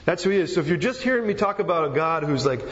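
A man with a slightly high voice preaches a loose, chatty sermon, often stopping and restarting his sentences. His voice rings through a large hall with a long, echoing tail. The sound is dull and muffled. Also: animated, rapid-fire, fairly bright tone. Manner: conversational, rambling with restarts.

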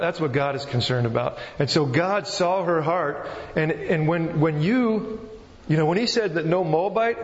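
A man preaching a sermon, reading scripture and explaining it in an earnest, halting way with frequent restarts. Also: a little high. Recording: muffled, with long hall reverb.

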